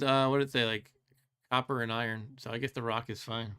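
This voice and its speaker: A man of middle pitch hosting a let's play, talking through each move as he plays. He muses out loud, second-guesses himself and drops wry complaints with little chuckles. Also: fairly even intonation, fairly quick, clean tone. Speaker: host.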